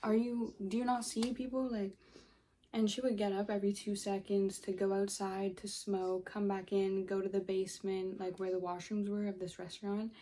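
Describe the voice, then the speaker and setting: Exasperated young woman, mellow voice. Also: medium pitch, flat delivery, moderate pace. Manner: profane, filler-heavy, exasperated. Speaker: vlogger. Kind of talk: casual storytime.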